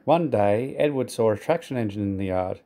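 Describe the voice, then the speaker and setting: Brief: male storybook narrator, mellow and warm, steady read-aloud. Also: fairly low pitch, brisk.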